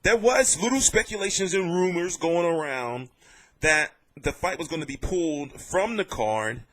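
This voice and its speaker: A man giving casual vlog commentary on boxing, telling it in an animated, jokey and profane way. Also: a little high, moderate pace.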